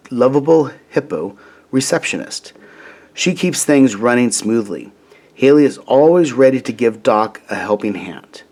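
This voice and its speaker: A man reading a children's storybook aloud in a gentle, deliberate way. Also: mid-range voice. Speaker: storybook reader.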